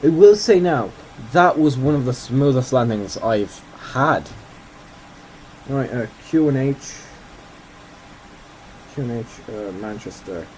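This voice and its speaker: Man from Ireland, casual game host, dark mellow voice, faint hum in the background. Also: medium pitch, lively intonation, takes it slowly, pauses often. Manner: rambling, self-deprecating, thinking aloud. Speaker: gaming video host. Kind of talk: casual gameplay commentary.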